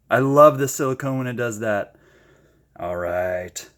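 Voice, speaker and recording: A man chatting casually while he paints, gushing with excited exclamations and making self-deprecating asides. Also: fairly low pitch, moderate pace. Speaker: paint-pouring channel host.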